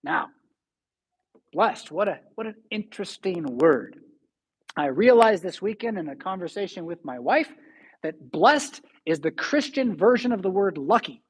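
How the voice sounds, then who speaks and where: A middle-aged male pastor delivers a sermon in a church with a slightly husky, breathy voice. He tells animated stories with sudden swings between loud and soft. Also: high-pitched, unhurried. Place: church sanctuary.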